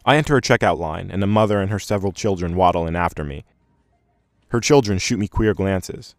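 Casting: male narrator for a first-person story, measured delivery, very low voice, dry close read. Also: dry recording.

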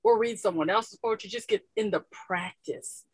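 A woman's voice: medium pitch, normal speed, breathy edge, dry recording, poor audio. Woman, podcast guest, encouraging, advice-giving, dry recording. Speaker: guest author and coach. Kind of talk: casual chat.

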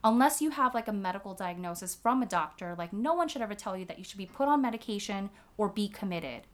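A woman's voice: medium pitch, lively intonation, fast talker. A woman talking candidly in a casual conversation, swearing freely and filling her sentences with "like" as she tells a personal story. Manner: frank, swears freely, many "like" fillers.

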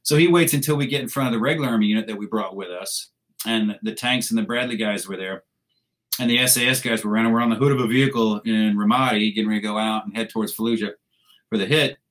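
A man's voice: on the low side, fast, a bit bright. A man, a military veteran, telling a combat story in a blunt, casual, profane way with wry laughs.

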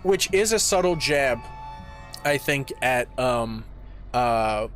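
A man co-hosting a podcast, casually and profanely retelling a movie's plot in an animated way, slipping into other people's voices. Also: medium pitch, slow, soft background music. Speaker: podcast co-host. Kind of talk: casual movie recap chat.

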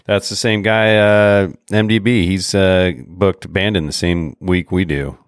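A man co-hosting a podcast, chatting casually in a rambling, halting way with lots of pauses. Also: low-pitched, fairly even intonation, smooth, no echo, clean studio sound. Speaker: podcast co-host. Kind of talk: casual chat.

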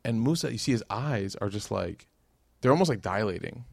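A man, giving a religious lecture as a casual, animated storyteller who acts out quotes. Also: fairly low pitch, a little fast, gravelly, no room sound.

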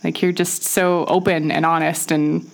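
A woman co-hosting a podcast, chatting casually in a warm, encouraging way. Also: low voice, level tone, a little slow, creaky. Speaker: podcast co-host.

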